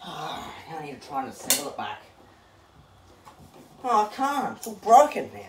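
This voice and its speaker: A man's voice: on the high side, huge pitch swings, moderate pace, heavy background noise. A man, vlogging from a small home studio and muttering in exasperation as he scolds a machine. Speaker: channel host. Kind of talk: casual vlog commentary while smashing a fan. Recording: echoey room, mic far off, loud clattering.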